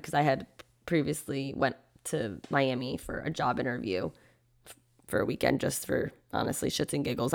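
Woman, young adult, podcast host, candid storytelling, low pitched, vocal fry. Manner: candid, animated retelling with quoted asides and frequent "like".

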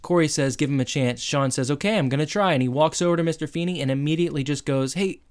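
A podcast co-host retells a TV episode in easy conversation, voicing the characters' lines as the story goes. The pitch sits in the middle and the delivery stays loose and chatty. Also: fast talker, clean tone. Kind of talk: casual chat recapping a TV episode.

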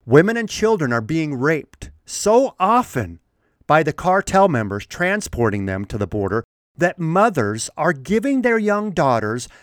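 A man hosting his own solo opinion podcast. He talks in a chatty, rambling way, laughs at himself, and slows down to press his points. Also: medium pitch, no room sound, clean studio sound. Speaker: podcast host.

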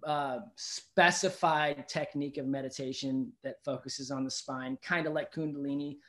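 A man with a mid-range voice and moderate pace tells a story from his life in casual conversation as a podcast guest. Animated and freely profane, he asks "you know what I mean" again and again.

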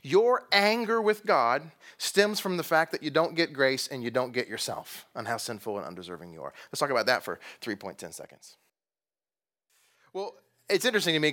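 A man preaching a sermon, animated and playful, acting out voices of figures in the story. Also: medium pitch. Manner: animated, acts out voices of biblical figures with humor. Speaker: pastor.

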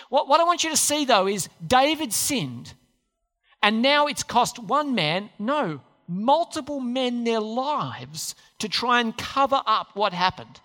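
Animated preacher in a reverberant hall. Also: medium pitch, unhurried. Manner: storytelling with rhetorical questions, acted-out quotes. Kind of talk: sermon.

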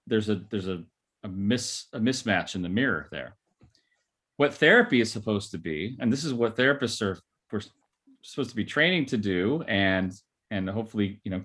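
A fairly low-pitched male therapist talks through an idea at an easy podcast pace. He keeps checking in with listeners using "right?" and "you know". He slips into the voices of the people he describes. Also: fairly bright tone. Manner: acts out quoted voices. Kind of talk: explanatory podcast talk.

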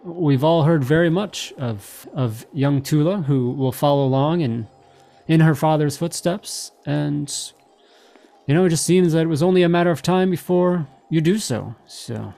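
A man's voice: on the high side, a little slow, vocal fry, mellow, faint music behind. A man voicing a mild, hesitant office assistant who rambles politely about his work.

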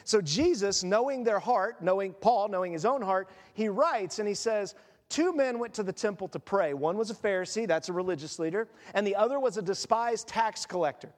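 A man preaching a sermon as pastor, animated and joking, acting out voices of the people in his stories. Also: high-pitched, moderate pace. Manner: animated, jokey, acts out quoted voices. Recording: long hall reverb.

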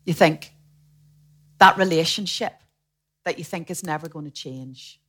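A woman preaching a sermon in a lively way, acting out the voices of the people she quotes. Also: low voice, a little slow. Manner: animated, acts out quoted voices.

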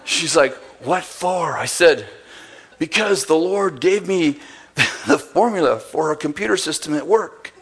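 A man's voice: on the high side, expressive, measured pace, husky. A man preaching a sermon, telling a story with acted-out dialogue and bursts of laughter. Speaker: pastor.

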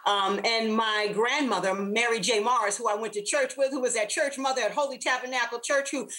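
A woman author, a guest on an interview show, telling a faith-filled personal story in an animated, expressive way. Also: a little high, a little fast, rough recording.

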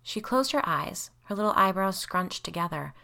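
A woman's voice: on the low side, expressive, moderate pace, creaky, bright, forceful tone. A woman reading a first-person story aloud, telling it expressively and voicing the dialogue as she goes. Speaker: audiobook narrator. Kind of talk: scripted first-person narration.

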